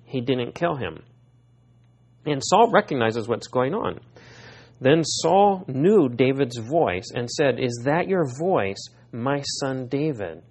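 A man's voice: mid-range voice, creaky, slightly rough. A man preaching a sermon who reads scripture aloud and keeps asking his listeners questions. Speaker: pastor. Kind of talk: expository Bible sermon.

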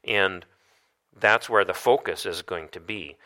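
A man's voice: low voice, measured pace, sharp tone. A man preaching a sermon, reading Bible verses aloud and asking the listeners rhetorical questions.

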